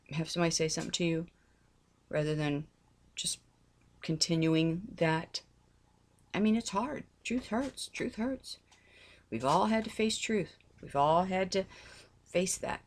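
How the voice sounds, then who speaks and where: Woman, middle-aged, lowish voice; earnest religious vlogger, pleading, repeats herself. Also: unhurried, pauses often, slight background noise. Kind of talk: heartfelt personal talk.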